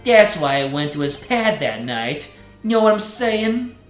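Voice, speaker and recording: A man voicing a brash young male street-tough defendant who talks with slangy swagger, pitched higher than his own voice. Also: sing-song, a little slow, echoey room, faint music behind. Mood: boastful.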